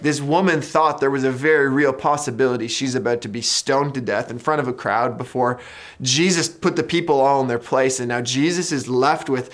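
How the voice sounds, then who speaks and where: Male pastor, mid-pitched, casual sermon delivery with dramatic quiet drops. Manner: conversational, dramatic retelling with quiet emphatic drops.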